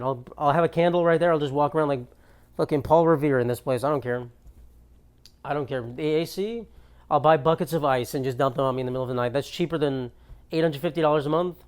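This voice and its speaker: Young male comic host, ranting and exasperated, swears freely, solo bit from his apartment. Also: fairly high pitch. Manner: ranting, exasperated, profane storytelling. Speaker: comedian podcast host. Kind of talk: solo comedic monologue.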